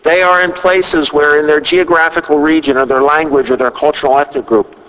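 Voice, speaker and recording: A man delivers a sermon in a church, walking listeners through a scripture story in a measured way. His voice sits a little high for a man. Long reverb from the church hall trails each phrase. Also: steady tone, fairly bright tone. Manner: measured storytelling, retelling scripture with quoted dialogue. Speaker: pastor.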